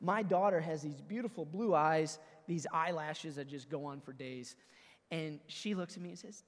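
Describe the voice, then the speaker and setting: A man in his thirties, a pastor preaching a conversational, energetic sermon and calling out to his congregation. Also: high voice, moderate pace, big-room sound. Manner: energetic, conversational preaching with audience call-outs. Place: church sanctuary.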